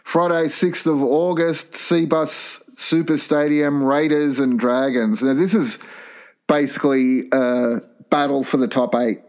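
A man's voice: mid-range voice, fairly even intonation, measured pace, a little mellow. A man, co-hosting a casual sports chat with dry, teasing wisecracks. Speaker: podcast co-host.

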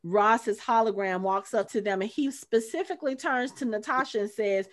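A woman talks through a film in casual podcast chat. She is chatty and animated, and she slips into short voices for the characters as she retells scenes. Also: fairly high pitch, moderate pace. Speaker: podcast co-host. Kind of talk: casual movie discussion.

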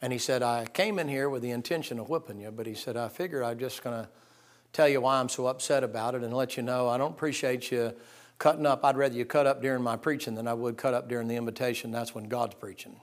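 A man's voice: mid-range voice, fairly even intonation, fast talker. Folksy preacher man. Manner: folksy storyteller, acts out voices, swings between hushed and loud. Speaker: pastor. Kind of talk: sermon.

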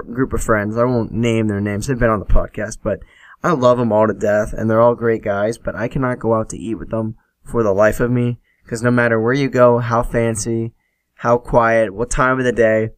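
A young man tells stories on his solo podcast in a loose, casual way. He swears freely, laughs, and acts out what people said. His voice sits at an average pitch, recorded on a dry, close mic. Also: no echo. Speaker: podcast host.

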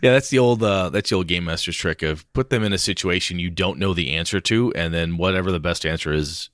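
Deep male co-host, casual tabletop chatter, dry close mic. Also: fairly quick, dry recording. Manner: animated, acts out players' lines, swears casually. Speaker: game master podcast co-host. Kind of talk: casual chat about tabletop games.

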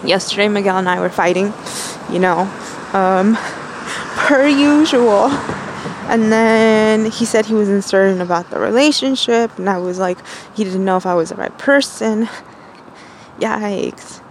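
A young woman in a personal voice diary, miserable and rambling, halting with many fillers and restarts. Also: mid-range voice, noisy background.

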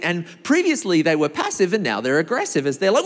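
A man's voice: on the high side, wildly swooping pitch, fast talker, hardly any pauses. A man, preaching a sermon as a playful storyteller who acts out other people's voices. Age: 40s. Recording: echoey hall reverb.

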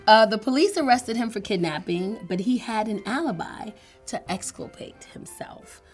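Lively playful woman, teacherly, word-game contestant, soft music under. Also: mid-range voice, normal speed. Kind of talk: casual banter on a word game.

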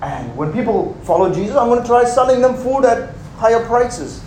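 Brief: male preacher as a scheming, eager boy, raised pitch, roomy hall. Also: big pitch swings, moderate pace, a little mellow, a little hiss or hum. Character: scheming young boy with a business idea. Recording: roomy hall with faint ambience.

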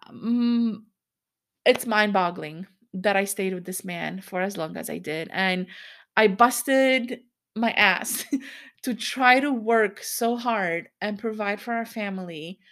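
A woman's voice: mid-range voice, a bit bright. A woman in her thirties hosting a solo podcast, talking candidly and in a rambling way, often laughing as she speaks. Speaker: podcast host.

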